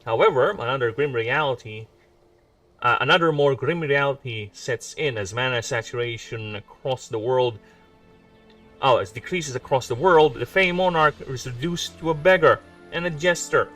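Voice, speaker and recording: A man's voice: mid-range voice, moderate pace, fairly bright tone. A man in his forties from the Philippines, an indie game developer chatting casually on a livestream, reading lore aloud with rambling, self-mocking jokes. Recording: distant mic with background music.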